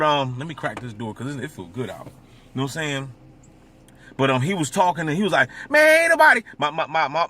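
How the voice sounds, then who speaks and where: A man's voice: on the high side, sharp tone. A man vlogging in a casual, rambling monologue, with stammering repeats and constant filler asides.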